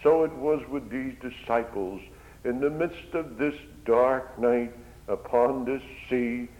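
Slow male preacher. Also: mid-range voice. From Netherlands. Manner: impassioned, swells and drops in volume. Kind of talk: sermon. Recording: dull lo-fi recording.

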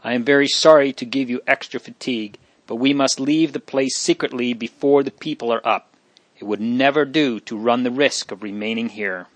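A man reading the part of a young man who protects his sister, speaking gravely in a hushed voice. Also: medium pitch, moderate pace, no echo, natural voice.

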